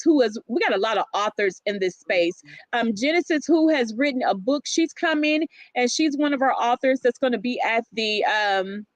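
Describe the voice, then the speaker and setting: A woman co-hosting a casual livestream chat, animated and reading out viewer comments. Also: on the high side, no echo. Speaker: livestream co-host.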